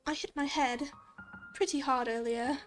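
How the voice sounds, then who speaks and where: A woman voicing a startled, flustered young girl in a game, with excited exclamations. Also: high voice, unhurried, faint music behind.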